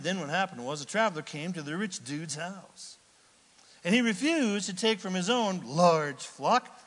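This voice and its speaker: A man preaching a lively, joking sermon and shouting now and then for emphasis. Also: on the high side, in a large hall. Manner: animated, jokey, with shouted emphasis. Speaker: pastor.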